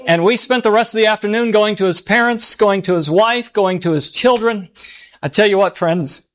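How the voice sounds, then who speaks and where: A man's voice: sits high, moderate pace. A middle-aged man, a pastor, telling a story in a sermon in an earnest, emotional way.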